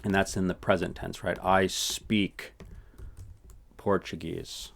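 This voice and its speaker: A man teaching a casual language lesson who repeats words slowly for practice and keeps checking in with "right?". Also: deep voice, flat delivery, creaky, a bit bright.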